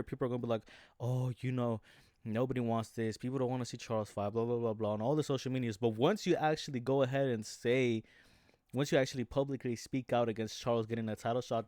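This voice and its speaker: A man's voice: mid-range voice, darkish tone, no room sound, studio quality. A man talking casually about fight news in a rambling way, full of restarts and fillers. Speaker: MMA commentary YouTuber. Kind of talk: casual talk.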